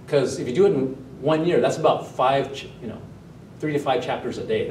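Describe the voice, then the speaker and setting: Man, pastor, sermon, animated, questions to the congregation, roomy echo, distant mic. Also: medium pitch, moderate pace, slight background noise. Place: church sanctuary, also streamed online.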